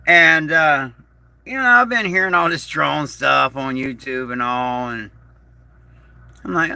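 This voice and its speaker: A man hosting a casual livestream in a slow, rambling, folksy way, reading out viewer messages. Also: fairly high pitch, animated, creaky, bright, forceful tone, dry recording. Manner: slow, rambling, folksy, reads chat aloud. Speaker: YouTube channel host.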